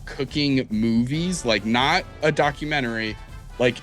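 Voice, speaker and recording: A man's voice: medium pitch, unhurried, a bit bright, faint music behind. A man narrating as game master, explaining the world in a casual, rambling way. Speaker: dungeon master.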